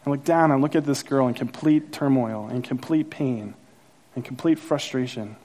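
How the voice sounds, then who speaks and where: A man preaching a sermon as pastor, telling a personal story with acted-out quotes and rising excitement. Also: normal speed. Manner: animated storyteller, acts out quotes, grows louder and higher as the story builds.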